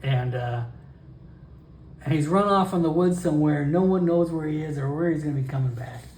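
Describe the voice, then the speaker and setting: A solo role-player voicing a suspicious, sharp-tongued townswoman in a sarcastic drawl, recorded in an echoey room. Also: medium pitch, fairly quick, slight background noise, natural voice.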